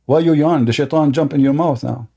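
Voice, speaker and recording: A man's voice: a little high, brisk, dark tone, slightly rough. A man hosting a live-streamed religious debate who talks in a combative, insulting way, cuts callers off, and often repeats and restarts his words. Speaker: debate show host.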